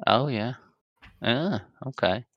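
A man's voice: mid-range voice, animated, slow pace, no room sound, dull audio. A man co-hosting a podcast, chatting casually and rambling through results with many ums. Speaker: podcast co-host. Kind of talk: casual chat.

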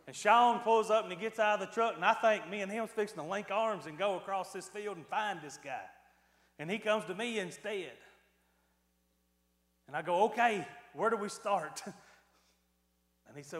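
Animated preacher in an echoey hall. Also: male voice, high voice, normal speed. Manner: animated storytelling, swings from quiet to loud. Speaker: pastor. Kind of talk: sermon with a personal story.

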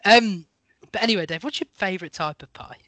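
A man hosting a casual podcast, teasing his co-hosts and rambling from one aside to the next. His voice is bright and a little high for a man, and it sounds dry and close to the mic. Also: a little fast, no echo. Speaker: podcast host. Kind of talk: casual chat.

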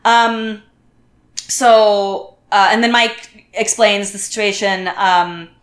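Slowly and in a mid-range voice, a woman recounts a story as a podcast guest, keeping the chat casual. She's animated and acts out others' words. A roomy echo colors the recording.

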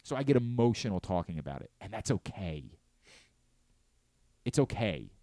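A man's voice: fairly low pitch, sing-song, normal speed, mellow, no room sound. A man in his late thirties hosting a sports talk radio show, talking earnestly and candidly, often restarting his sentences. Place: radio studio. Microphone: close studio mic.

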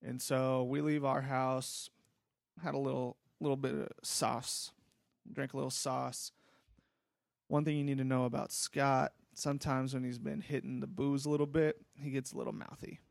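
A young man tells a rambling story in a relaxed, profane way. His voice has a gravelly edge, and the sound is dry and close. He keeps it casual and easygoing throughout. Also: medium pitch, moderate pace, dry recording. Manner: laid-back, rambling, profane. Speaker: podcast host.

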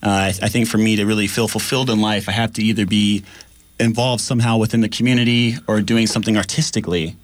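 A man's voice: fairly low pitch, quick pace, no echo. Chatty man in a dry radio studio. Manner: animated storyteller, chatty with fillers. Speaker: radio apprentice co-host. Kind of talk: casual radio chat.

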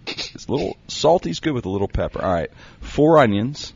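A man's voice: mid-range voice, very animated, a little fast, gravelly, slight background noise. A man rambling through a comic recipe bit, joking and breaking into laughter. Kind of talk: comedic banter, reading a recipe aloud. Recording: dull lo-fi recording.

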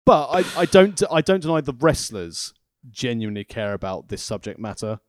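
A man's voice: mid-range voice, sing-song, normal speed, no echo. A man co-hosting a wrestling podcast, making dry sarcastic quips in casual chat.

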